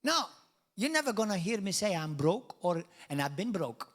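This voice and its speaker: High-voiced emphatic male preacher. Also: very animated, moderate pace. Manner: emphatic preaching with wide swings in loudness and pitch; jokey asides and mock quotes of doubters. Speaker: pastor. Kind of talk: sermon.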